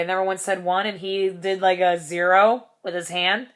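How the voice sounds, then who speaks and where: A woman's voice: medium pitch, fairly even intonation, a little fast. A young woman telling a story in a casual vlog, rambling, swearing casually and laughing between lines. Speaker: vlogger.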